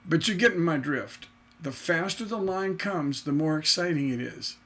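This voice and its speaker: A man's voice: fairly high pitch, animated, moderate pace, a bit bright. A man teaching songwriting on a livestream, talking to himself as he works and chanting rhythms aloud to show his point.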